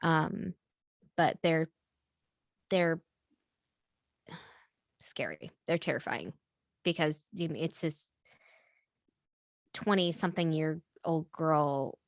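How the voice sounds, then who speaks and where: A woman's voice: sits low, steady tone, no room sound, studio quality. A young adult woman co-hosting a podcast, chatty and playful in casual conversation. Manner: chatty, playful, quick to laugh. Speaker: podcast co-host. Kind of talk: casual chat.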